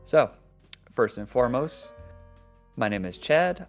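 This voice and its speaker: A man hosting a casual tabletop gaming podcast, talking in a soft, low-key way. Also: animated, slow, pauses often, faint music behind. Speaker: podcast host.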